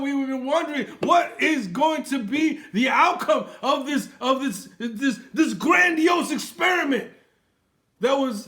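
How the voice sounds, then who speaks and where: A man doing a theatrical, comedic football recap monologue as a fan host, often bursting into shouts. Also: very high-pitched.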